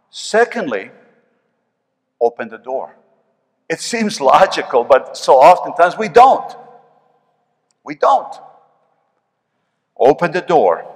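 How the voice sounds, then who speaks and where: An older man with a New York accent preaching a sermon as pastor, swinging between loud emphasis and soft asides. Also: medium pitch. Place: church sanctuary. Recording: long reverb of a church hall.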